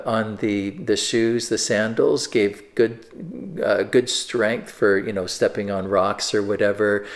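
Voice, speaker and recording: A man, a pastor, teaching an informal sermon in a conversational way with frequent fillers and restarts. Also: on the low side. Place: church.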